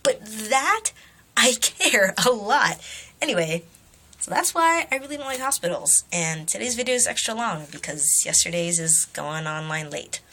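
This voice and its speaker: A young woman vlogger telling a story casually, animated, swearing freely and laughing as she talks. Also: medium pitch, moderate pace.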